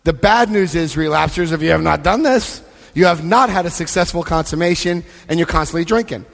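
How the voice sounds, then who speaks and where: A man giving a lively, joking talk to an AA convention crowd, often acting out other people's voices. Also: fairly high pitch, brisk, gravelly. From United States. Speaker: AA convention speaker. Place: large convention hall. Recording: live hall recording with long reverb.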